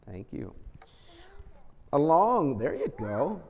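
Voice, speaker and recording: A man leading a children's message during a church service, talking gently and coaxingly as he tells a story to the kids. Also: fairly high pitch, sing-song, slow, creaky. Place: church sanctuary. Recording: church service audio with long hall reverb.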